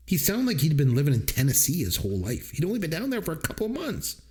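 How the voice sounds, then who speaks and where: A man's voice: fairly high pitch, fast. A middle-aged man co-hosting a podcast, chatting casually about a movie and acting out quotes in different voices. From Canada. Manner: animated storytelling, quotes people in voices. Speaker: podcast co-host. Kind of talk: casual movie-review chat.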